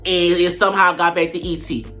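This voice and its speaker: A woman giving blunt, slangy commentary on a reality show, swinging between loud outbursts and low mutters. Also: brisk, faint music behind. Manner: animated, blunt, slangy trash talk. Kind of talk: casual reaction commentary.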